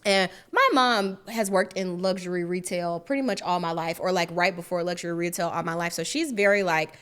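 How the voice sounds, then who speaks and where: A woman's voice: on the low side, fairly quick, clean tone. A woman co-hosting a podcast, telling a story in casual chat and acting out the voices of the people in it. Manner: animated, acts out voices in the story. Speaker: podcast co-host.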